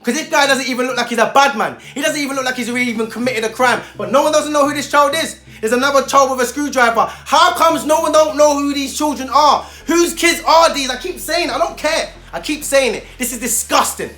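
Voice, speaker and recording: A man's voice: very high voice, fairly quick, hardly any pauses, bright, forceful tone, soft background music. A man, a youth mentor ranting straight to camera in fired-up, preachy street talk, repeating himself for emphasis. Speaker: youth mentor speaking to young people. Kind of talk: direct-to-camera rant.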